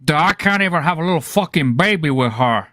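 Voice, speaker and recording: A swaggering drug-lord character, profane and menacing, every line a threat. A man puts him on in a casual conversation, his pitch swooping widely. The recording is dry and close. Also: expressive, a little fast, pushed and bright, no echo. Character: swaggering foul-mouthed male movie drug lord.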